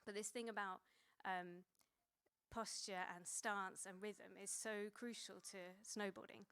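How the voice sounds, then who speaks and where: Conversational woman preaching with a smooth voice. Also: medium pitch, fairly even intonation, measured pace, fairly bright tone. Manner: conversational, with many fillers and self-corrections. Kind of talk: sermon.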